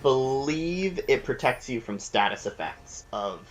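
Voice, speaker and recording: A man's voice: mid-range voice, lively intonation, measured pace, highs cut off, slight background noise. A man hosting a gameplay video, chatting casually and explaining the game's mechanics as he thinks aloud. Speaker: let's play host.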